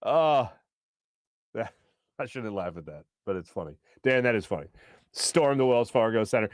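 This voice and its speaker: A man's voice: lowish voice, lively intonation, normal speed, dry recording. A man hosting a casual sports talk show from a studio, joking, laughing often and reading out viewer comments with fired-up opinions.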